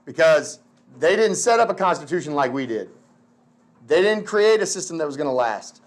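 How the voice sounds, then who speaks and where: A man teaching history in a casual, slangy, animated lecture full of filler words. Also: on the high side, normal speed. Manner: slangy, animated, lots of "like" and "dude".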